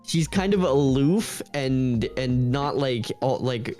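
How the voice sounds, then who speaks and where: An excitable man talks through anime episodes with his co-hosts in a loose, rambling way, full of "like"s. His pitch sits in the middle range. Faint music plays underneath. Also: takes it slowly. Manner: enthusiastic, filler-heavy with many "like"s. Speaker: podcast co-host. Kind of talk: casual anime review chat.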